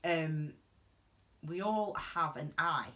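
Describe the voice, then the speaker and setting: Earnest rambling woman, bright tone. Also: deep voice. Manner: rambling and halting, with many restarts and tangents; earnest and heartfelt. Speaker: tarot reader giving advice. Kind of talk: reflective advice vlog monologue.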